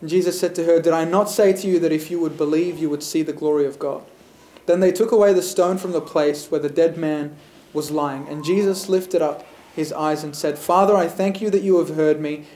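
A man reading scripture aloud and pausing to reflect on it in an earnest, heartfelt way. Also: on the high side, a little mellow, reverberant, slight background noise, rough recording. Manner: earnest, reflective, builds to emphatic moments. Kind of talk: scripture reading with sermon commentary.

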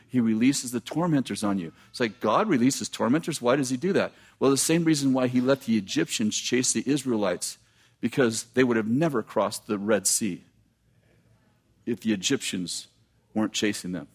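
Animated male preacher reading scripture. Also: mid-range voice, slightly rough. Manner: animated preaching, reads scripture aloud, quick asides. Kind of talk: sermon.

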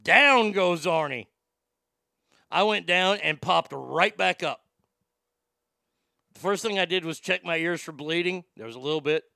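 A man around forty hosts a casual podcast and tells blunt, profane stories with animated energy. His voice is bright, gravelly and very smooth. It is recorded on a close, dry mic. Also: high-pitched, unhurried, long pauses, dry recording. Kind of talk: casual storytelling chat.

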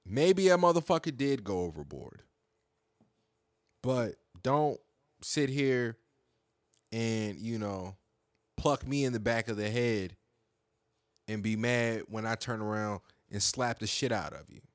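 A man's voice: medium pitch, lively intonation, slow, pauses often, no echo, studio quality. A young man hosting a podcast solo, talking in a heated, profane, rambling way. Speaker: podcast host. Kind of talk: casual monologue podcast.

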